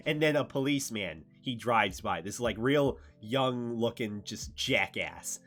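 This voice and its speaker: A man streaming, recapping a game in loose casual chat, swearing freely and halting with fillers. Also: mid-range voice, lively intonation, fairly bright tone, faint music behind.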